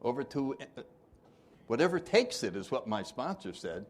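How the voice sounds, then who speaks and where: A man's voice: mid-range voice, sing-song, normal speed, a crowd in the background, background noise. A man leading a twelve-step recovery workshop, joking with the room and acting out the people he quotes. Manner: jokey, acts out quoted voices, laughs often.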